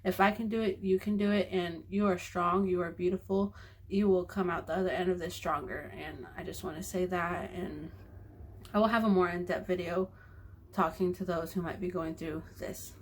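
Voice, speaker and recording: A woman's voice: lowish voice, fairly even intonation, normal speed, a little hiss or hum. A young woman talking in a personal video diary, emotional and grateful, rambling with fillers. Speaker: vlogger.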